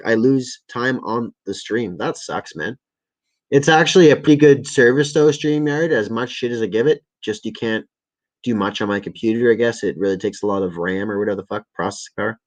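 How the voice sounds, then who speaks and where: A tired livestream host with a medium-pitched voice casually reads articles and viewer comments, stumbling and correcting himself while swearing frequently. The recording is rough.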